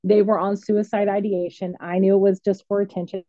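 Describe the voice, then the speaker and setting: A woman's voice: mid-range voice, brisk, no echo. Candid woman counselor telling her story. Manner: lively, candid, acts out quoted voices. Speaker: licensed mental health counselor. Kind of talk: casual conversational storytelling. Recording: dry, slightly dull sound.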